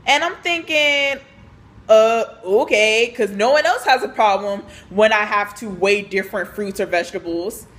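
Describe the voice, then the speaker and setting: A woman's voice: mid-range voice, moderate pace, few pauses. A young woman, chatting casually as she tells a storytime about work, full of fillers and acted-out dialogue. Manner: chatty, animated, lots of fillers and quoted dialogue. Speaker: vlogger telling a work story.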